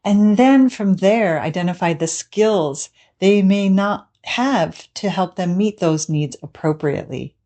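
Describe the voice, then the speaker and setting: A woman therapist giving a calm, measured, scripted talk to parents. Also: on the low side.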